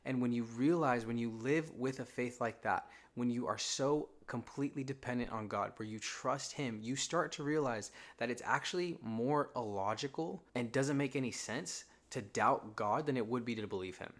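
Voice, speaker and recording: A man's voice: mid-range voice, normal speed, few pauses. Casual young man preaching conversationally. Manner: casual, conversational, acts out quoted thoughts. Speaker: Christian content creator. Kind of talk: faith-talk monologue.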